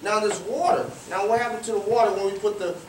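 A man's voice: high voice, steady tone, fast talker, slight background noise. A man giving a motivational storytelling talk to a young audience, quizzing them with questions and repeating phrases for emphasis. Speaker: guest speaker at a youth cricket academy. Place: large room with an audience. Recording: roomy, distant, faint ambience.

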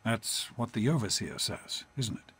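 An actor playing a gentle, protective father in a video game, speaking in a calm, earnest and reassuring way. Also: lowish voice, moderate pace, husky, exaggerated voice. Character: gentle protective middle-aged father, vault doctor. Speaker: father of the player character.

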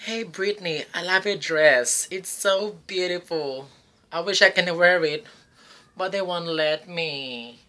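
A man's voice: high-pitched, slow pace, bright, forceful tone. A man, a karaoke host, telling campy jokes in a vlog monologue. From Philippines. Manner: campy, joking, teasing. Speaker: cruise ship karaoke host.

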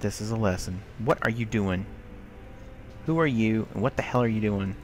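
A man's voice: fairly low pitch, normal speed, soft background music. A man giving let's play commentary, exasperated and scolding the characters in his game. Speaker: gamer.

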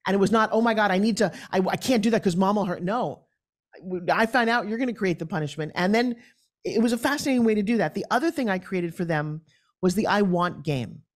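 A middle-aged woman speaking as a guest in an interview, telling lively stories and acting out other people's voices. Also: fairly quick. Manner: acts out quoted voices with big pitch jumps. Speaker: guest, pitch expert. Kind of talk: animated storytelling interview.

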